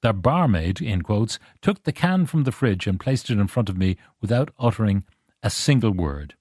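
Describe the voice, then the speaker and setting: A middle-aged man from Ireland with a lowish voice hosts a radio show, reading listener texts aloud with wry emphasis and chatty asides. The sound is dry and close, with no room around it. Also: sing-song, moderate pace, a little mellow, dry recording.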